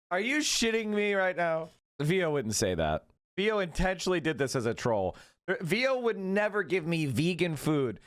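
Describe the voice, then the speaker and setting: Male streamer, lively swooping voice, fairly high, sarcastic, profane, dry close mic. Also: no room sound. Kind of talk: casual livestream commentary.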